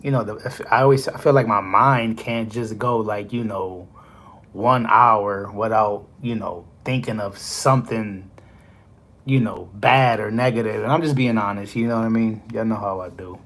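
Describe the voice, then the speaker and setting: A man's voice: lowish voice, moderate pace, fairly bright tone. A man who drives trucks chatting casually on a live stream, rambling with lots of fillers. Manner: rambling, filler-heavy, "you know" constantly.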